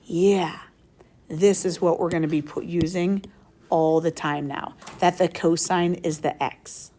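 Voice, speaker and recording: A woman's voice: on the low side, fairly even intonation, a little slow, dark tone. A woman teaching a math lesson in a classroom, upbeat and playful, often asking the class questions. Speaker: high school math teacher. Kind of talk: classroom lecture.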